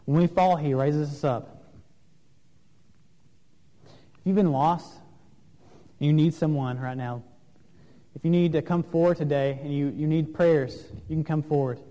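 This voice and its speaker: A man preaching an earnest sermon, asking questions of his listeners, with some pauses and fillers. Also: fairly high pitch, mellow. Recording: long reverb of a large room.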